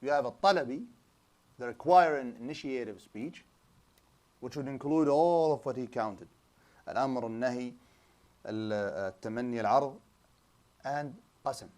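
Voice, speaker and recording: An Islamic studies teacher gives a classroom lecture with student questions, explaining in English sprinkled with Arabic terms. He speaks haltingly and repetitively, often restarting sentences. His voice is at an ordinary middle pitch for a man, with a darkish tone.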